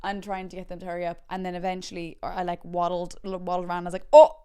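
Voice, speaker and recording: A young woman with an Irish accent, a podcast host telling a comic story in a chatty, animated way and acting out quotes with big jumps in pitch. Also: rapid-fire, smooth. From Ireland.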